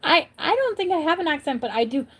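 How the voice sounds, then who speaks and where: A woman's voice: sits high, very animated, fast, fairly bright tone. A woman from upstate New York hosting a casual livestream, chatting and answering viewers' comments as she goes. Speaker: livestream host.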